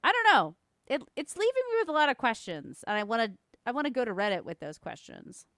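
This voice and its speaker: Chatty podcast co-host lady, high-ish voice, bouncy and laughy, dry sound. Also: fast, no echo. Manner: animated, laughs often, swearing. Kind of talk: casual chat.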